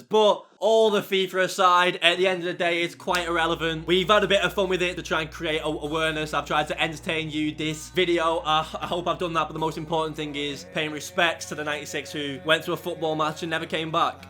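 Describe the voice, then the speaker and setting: A man commentating his own football video game, out of breath, shouting at big moments and chatting fast in between. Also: fairly high pitch. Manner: shouts excitedly over goals, then talks fast and loose. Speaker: gaming YouTuber. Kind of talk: excited gameplay commentary.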